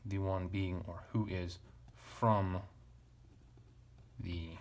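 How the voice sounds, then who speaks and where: A man teaching ancient Greek grammar at a relaxed pace, thinking aloud and correcting himself with casual asides. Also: low voice, very slow. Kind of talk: relaxed verse-by-verse parsing lesson.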